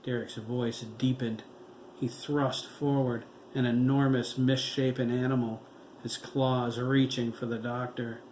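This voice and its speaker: A man reading his own horror novel aloud in a slow, dramatic storytelling manner. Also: medium pitch, flat delivery, a little mellow. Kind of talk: audiobook narration. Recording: echoey room with faint background noise.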